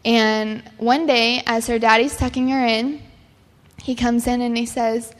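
A woman's voice: on the high side, fairly even intonation, measured pace. A young adult woman giving a sermon-style talk, telling stories earnestly with casual fillers. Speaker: speaker. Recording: long hall reverb.

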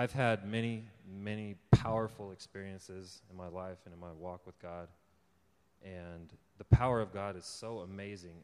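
A young man with a fairly low voice preaches to a crowd in a large hall, and long reverb trails after his words. He tells his story in a relaxed, chatty way and laughs often. Then he pushes into earnest, fervent exhortation. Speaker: lay preacher giving a testimony. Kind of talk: informal sermon testimony.

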